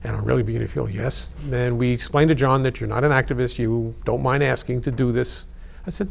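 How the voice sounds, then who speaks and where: A hoarse older man in his eighties telling anecdotes in an oral history interview. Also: medium pitch, fairly even intonation, quick pace, hardly any pauses. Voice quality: gravelly, husky. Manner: anecdotal, chatty storytelling.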